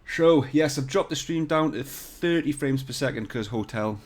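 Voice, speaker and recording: A man hosts a casual live tutorial stream from a hotel room. He chats and jokes with his viewers and swears freely. His voice sits at a middling pitch, picked up by a desk mic with no pop filter. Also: moderate pace. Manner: chatty, jokey, swears casually, talks to viewers. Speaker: CAD tutorial livestream host. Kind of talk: casual livestream chat. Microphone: desk mic without shock mount or pop filter.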